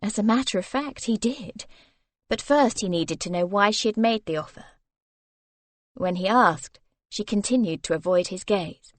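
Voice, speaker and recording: A woman reading a romance novel aloud as narrator, soft and even in her storytelling. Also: medium pitch, normal speed, no room sound. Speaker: audiobook narrator.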